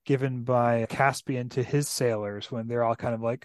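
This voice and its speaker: A man talks eagerly about books in a casual podcast chat, often tagging his points with a quick "right?". His voice sits at a middle pitch. The sound is dry and close, with no room echo. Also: fairly even intonation. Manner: enthusiastic, tags points with "right?". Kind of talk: casual literary discussion.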